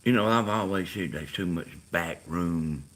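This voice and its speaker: A man's voice: sits low, measured pace, a bit bright. A middle-aged man with a Georgia Southern accent talking casually and rambling on a live stream. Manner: meandering, full of "you know" and "like".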